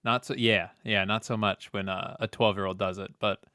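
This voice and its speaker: A man's voice: lowish voice, steady tone, normal speed, sharp tone, dry recording, studio quality. A man co-hosting a casual podcast, telling a laid-back childhood story with lots of fillers. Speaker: podcast co-host. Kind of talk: casual chat.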